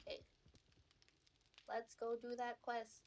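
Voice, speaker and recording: A woman streaming a game, chatting in a lively, giggly way. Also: on the high side, slow. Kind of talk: casual gaming chat. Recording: noisy line with clicks.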